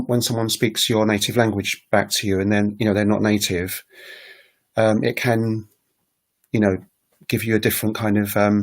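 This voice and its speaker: A man hosting a casual livestream about language learning, rambling with many ums and self-corrections and saying example phrases aloud. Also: on the low side.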